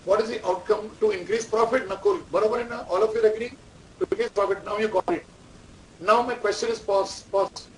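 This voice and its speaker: Brisk and steady in tone, a man with a high-pitched voice gives a management lecture, repeating key terms, quizzing students, and dictating instructions. Faint room noise comes through the distant mic.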